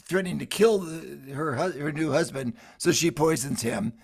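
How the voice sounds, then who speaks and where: Gravelly casual male storyteller. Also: on the high side, normal speed, hardly any pauses. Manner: rambling, offhand, with frequent restarts. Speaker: folk song performer explaining a ballad.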